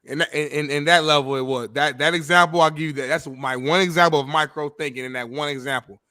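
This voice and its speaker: A man's voice: fairly high pitch, steady tone, fast talker, pushed and bright, no echo, studio quality. A man co-hosting a sports talk show, chatting in a laid-back, joking, playful way. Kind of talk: casual chat.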